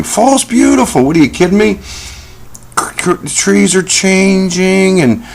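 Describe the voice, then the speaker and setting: A man's voice: high-pitched, big pitch swings, takes it slowly, darkish tone. A middle-aged man talking casually to the camera in a rambling, folksy way, with many fillers and asides. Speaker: self-help video host.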